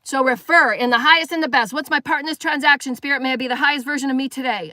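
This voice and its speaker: A woman's voice: high-pitched, fast, hardly any pauses, pushed and bright, no echo, clean studio sound. A woman giving a live spiritual sermon, preaching emphatically and firing rhetorical questions at her listeners. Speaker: spiritual teacher.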